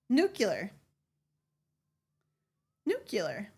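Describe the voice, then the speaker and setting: Slow-talking playful young woman streamer. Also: a little high, very animated, husky. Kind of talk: casual live-stream chat.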